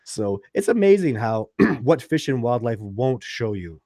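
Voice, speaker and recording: With a warm, mid-range voice and big pitch swings, a man hosts a Sasquatch research live stream a little slowly, answering viewer questions and telling rambling stories packed with restarts and fillers. It's studio quality with no echo.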